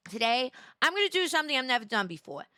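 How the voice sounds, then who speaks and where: A young woman streamer in casual chat, her voice tired and in need of rest, chatty and greeting viewers by name with sudden bursts of excitement. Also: high-pitched, fast, no room sound, studio quality.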